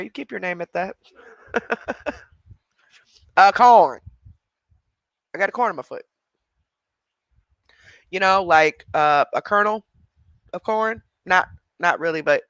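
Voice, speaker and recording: A livestream host with a high, sharp-toned voice chats casually with his viewers, laughing often and responding to chat. The recording has no echo.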